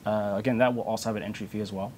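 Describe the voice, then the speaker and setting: A man's voice: on the low side, steady tone, racing, a little mellow, a little hiss or hum. A man from a game store explaining events in a studio interview, with many fillers.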